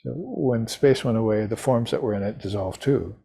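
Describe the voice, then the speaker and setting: A man teaching a devotional class on scripture, talking in a meandering, reflective way with restarts and soft laughs. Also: fairly low pitch, normal speed, creaky, breathy edge. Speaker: spiritual teacher. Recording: class recorded for live stream.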